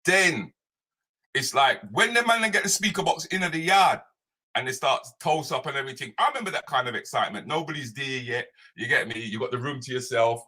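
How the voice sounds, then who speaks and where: Man, live show host, lively swinging pitch, bright. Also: fairly quick, slightly rough. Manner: animated, playful, repetitive banter. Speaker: comedian hosting a live morning show. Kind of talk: live morning chat show, reading viewer comments.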